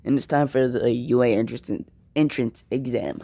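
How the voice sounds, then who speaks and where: A man's voice: medium pitch, steady tone, brisk, gravelly, dark tone, no room sound, clean studio sound. A young man casually improvising a fan-fiction story, slangy and rambling, often repeating words.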